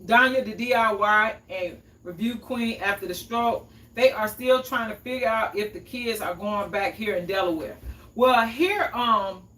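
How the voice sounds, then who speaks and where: A woman's voice: mid-range voice, measured pace, pushed and bright. Chatty woman hosting a livestream in an echoey room. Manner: chatty, reads viewer comments aloud and answers them. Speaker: host of a cooking livestream. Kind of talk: casual livestream chat. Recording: echoey room, mic at a distance.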